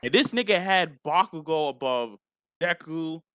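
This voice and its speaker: A man chatting on an anime podcast, his voice sitting a little high and swinging widely in pitch. He talks loud and slangy, acting out reactions. The sound is dry and close. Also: unhurried, clear, resonant tone, no echo. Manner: animated, loud slang-heavy storytelling. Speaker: podcast co-host. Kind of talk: casual chat about anime.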